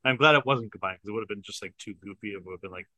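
A man's voice: lowish voice, rapid-fire, sharp tone, dry recording, poor audio. A man co-hosting a podcast, talking about a film in a laid-back, profane way. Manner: laid-back and profane, laughs between points. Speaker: podcast co-host. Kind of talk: casual movie discussion.

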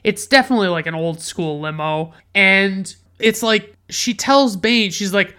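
A woman's voice: medium pitch, normal speed, few pauses, bright, forceful tone, clean tone. A woman hosting a movie review podcast, rambling in a casual rant full of swearing and filler words. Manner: rambling, heavy swearing, many filler likes.

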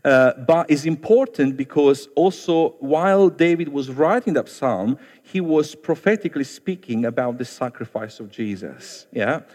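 A man's voice: a little high, lively intonation, normal speed, hardly any pauses, darkish tone. Italian-accented man preaching in a reverberant hall. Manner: earnest, conversational preaching that addresses listeners directly. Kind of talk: sermon.

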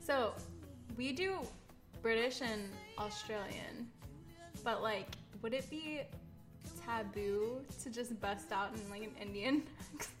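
A young woman in her twenties co-hosts a loose, casual podcast conversation and keeps giggling between lines. Her voice sits a little high. Music plays clearly behind her. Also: slow pace. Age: 20s. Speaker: podcast co-host. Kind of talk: casual chat.

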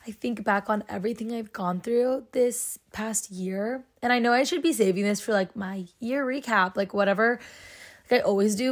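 A young woman talks alone into her podcast mic in a medium-pitched, sensitive voice. She is earnest and open, and her sentences wander and restart around frequent fillers. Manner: earnest, rambling, heavy use of "like". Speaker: podcast host. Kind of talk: casual solo podcast talk.

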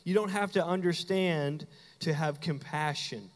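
High-voiced pastor preaching in a hall. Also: male voice. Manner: conversational and playful, acting out quick asides. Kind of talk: sermon. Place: church sanctuary. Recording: hall reverb.

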